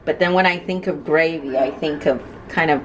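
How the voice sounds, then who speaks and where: In a casual family vlog, this deep-voiced woman, who moved to the US from abroad around age sixteen, jokes and laughs with her family at a moderate pace. The audio is muffled with background noise, and clear music plays beneath her.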